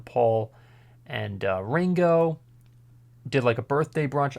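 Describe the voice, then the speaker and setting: A male vlogger talking casually to the camera, rambling, with many fillers and restarts. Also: mid-range voice.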